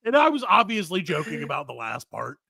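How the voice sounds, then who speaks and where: A man's voice: a little high, wildly swooping pitch, brisk, gravelly, sharp tone, breathy edge, no room sound, studio quality. A middle-aged man hosting a comedy podcast, ranting with plenty of swearing and telling exasperated stories. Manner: profane, ranting, exasperated storytelling. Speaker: podcast host. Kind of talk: casual comedy podcast chat.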